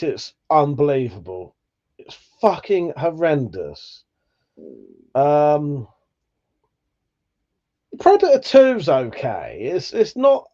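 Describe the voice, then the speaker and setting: Dull audio carries a man's slightly high, dark-toned voice as he hosts a livestream. He chats loosely, reads out what viewers write, swears without restraint, and laughs at his own expense.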